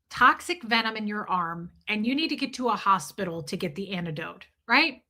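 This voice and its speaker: A woman with a bright, forceful voice chats live with her viewers, candid and emphatic. She swears freely and speaks to people in the chat by name. Her voice sits a little above the middle in pitch. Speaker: streamer talking to chat. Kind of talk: casual live-stream chat.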